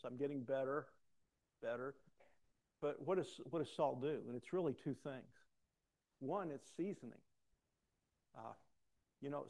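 Folksy older male preacher, mellow voice. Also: mid-range voice. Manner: folksy, rambling, repeats words when starting a thought. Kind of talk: conversational sermon.

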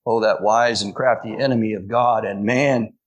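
A pastor preaching a sermon, emphatic, slowing down to stress key phrases. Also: male voice, lowish voice, steady tone, muffled recording.

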